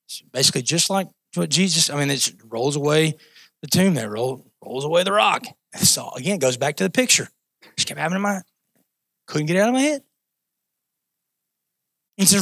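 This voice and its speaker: A man's voice: a little high, big pitch swings, a little fast, creaky, long pauses, fairly bright tone. A man preaching a sermon in a conversational, impassioned way, climbing to emphatic peaks and dropping into casual asides. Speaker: pastor.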